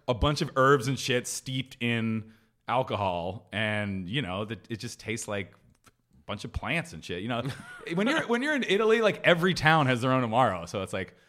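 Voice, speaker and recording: Lively, bright-voiced man chatting. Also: mid-range voice. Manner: animated, swearing, quick impressions. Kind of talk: casual chat.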